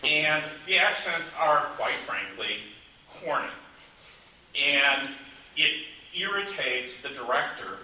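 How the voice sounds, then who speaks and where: A man's voice: fairly high pitch, animated, takes it slowly, sharp tone. A male author in a casual panel chat, rambling and self-deprecating, with many restarts. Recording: echoey room, distant mic, faint hiss.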